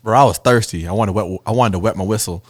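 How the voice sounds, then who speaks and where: A man chatting casually with friends, telling stories in an animated way and swearing freely. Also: fairly low pitch, quick pace, no echo, clean studio sound. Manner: animated storyteller, swears freely, bursts into loud laughter. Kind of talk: casual chat among friends.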